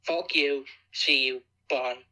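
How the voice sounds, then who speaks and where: A man's voice: mid-range voice, fairly even intonation, sharp tone, poor audio. A man co-hosting a podcast in a playful, teasing way, cracking jokes as he reads out trivia. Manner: playful, teasing, quick to joke. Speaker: podcast co-host. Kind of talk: casual joking podcast chat.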